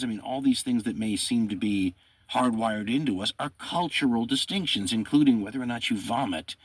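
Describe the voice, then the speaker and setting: A man's voice: on the low side, fairly bright tone, breathy edge, no echo. A man narrating history, reading primary sources aloud with commentary and quoting in a dramatic, rising voice.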